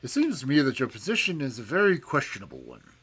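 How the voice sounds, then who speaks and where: A man's voice: mid-range voice, huge pitch swings, fast, husky, full character voice. Man doing a malicious, angry old professor. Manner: loud, sharp and angry. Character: irritable elderly male professor, malicious.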